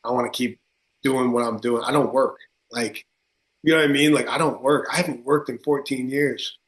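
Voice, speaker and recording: A man's voice: mid-range voice, normal speed. A man from Connecticut with a tri-state accent, a football coach talking emphatically in a podcast interview, full of fillers. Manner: energetic, emphatic, many filler words. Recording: roomy echo.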